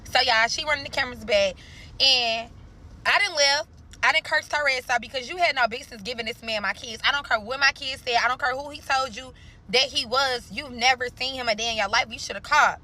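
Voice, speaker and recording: A woman's voice: sits high, pushed and bright. A young woman from St. Louis telling a storytime vlog, cursing freely and calling her viewers y'all. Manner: profane, addresses viewers as y'all, drawn-out dramatic telling.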